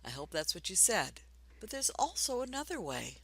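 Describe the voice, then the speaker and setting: A woman teaching a basic reading lesson for adults, patient and encouraging, speaking slowly and clearly. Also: medium pitch, big pitch swings, a bit bright.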